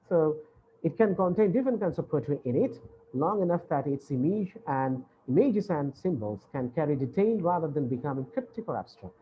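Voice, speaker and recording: A man's voice: a little high, dull audio, slight background noise. A male university English lecturer giving an online lecture, explaining patiently and repeating points with many hesitations. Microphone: video call.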